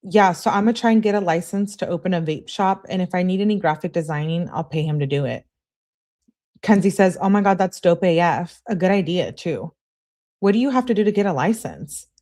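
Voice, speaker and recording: A woman's voice: fairly low pitch, a little fast, warm tone. A woman hosting a livestream, casually reading text messages aloud and saying who says what before each one, with her own comments in between. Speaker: livestream host.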